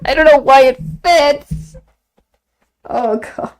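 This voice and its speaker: Excitable young-sounding woman streamer, higher voice. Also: measured pace, long pauses, rough recording. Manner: excited gushing fan talk, frequent laughs and repeated phrases. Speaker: game streamer. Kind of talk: casual chat on a live stream.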